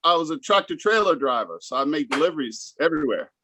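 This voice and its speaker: Bright, dry-sounding man from D.C. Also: fairly high pitch, lively intonation, quick pace, slightly rough, no echo. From Washington, D.C. area. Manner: friendly, laughs easily, short replies. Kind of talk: casual class chat.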